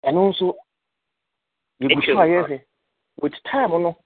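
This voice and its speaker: A man's voice: sits high, lively intonation, a little slow, no room sound. An older man reminiscing in casual chat, telling stories and mixing in English words. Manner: storytelling, mixing English words into his speech. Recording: tinny phone-line call.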